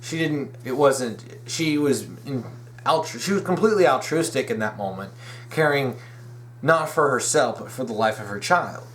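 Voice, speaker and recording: A man's voice: mid-range voice, lively intonation, moderate pace, fairly bright tone, a little hiss or hum. Rambling, eager young man giving fan commentary. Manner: rambling, with frequent self-corrections and restarts; eager, opinionated fan enthusiasm. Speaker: video essay host. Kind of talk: casual fan commentary monologue.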